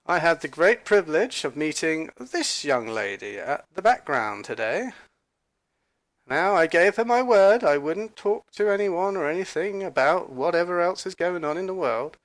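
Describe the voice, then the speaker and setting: Guy, kinda high voice, rambling story to camera, lots of um and restarts. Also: big pitch swings. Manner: rambling, halting with fillers and restarts, emphatic asides. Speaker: commentator recounting an encounter.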